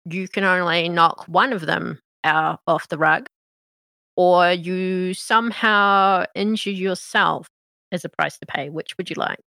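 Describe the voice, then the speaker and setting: A woman narrating a tabletop role-playing game as game master, in a slow, measured way. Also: lowish voice, steady tone, gravelly, bright, forceful tone, no echo.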